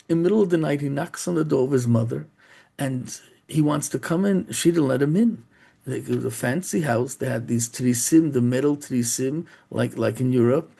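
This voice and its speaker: A man, a rabbi, telling a story in a sermon with a halting delivery full of restarts and repeated words. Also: medium pitch, gravelly, dark tone.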